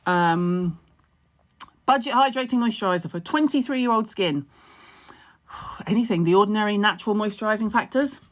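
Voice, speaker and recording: A woman's voice: medium pitch, moderate pace, pauses often. Chatty woman answering comments on a livestream. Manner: chatty, reads out and answers comments, frequent "um" fillers. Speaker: skincare expert answering viewer questions. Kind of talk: casual livestream chat. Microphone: phone on a livestream.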